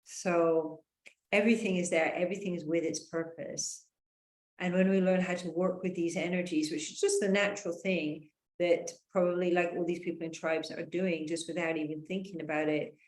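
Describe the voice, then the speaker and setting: A woman's voice: fairly even intonation, moderate pace, a little mellow. A woman talking casually, rambling, with frequent fillers, and acting out the voices she quotes. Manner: rambling, full of "you know" and "like" fillers; acts out quoted voices with raised pitch. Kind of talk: casual conversational talk. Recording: echoey room.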